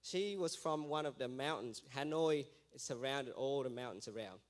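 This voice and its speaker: A man gives a mission testimony to his church, telling it as a lively story. His voice sits at an ordinary mid pitch. He slips into the voices of the people in his story as he goes. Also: moderate pace.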